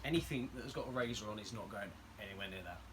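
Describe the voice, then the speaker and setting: A man's voice: lowish voice, very fast, a bit bright, slight background noise. A man chatting casually at home, dry and laid-back, with short replies. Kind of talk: casual chat.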